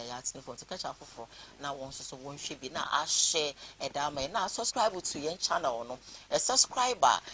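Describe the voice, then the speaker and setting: A man's voice: mid-range voice, sharp tone, slight background noise, poor audio. A man with a Ghanaian accent, hosting a TV morning show and mixing languages as he addresses viewers. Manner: mixes languages, asks viewers to subscribe. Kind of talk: TV show presenting.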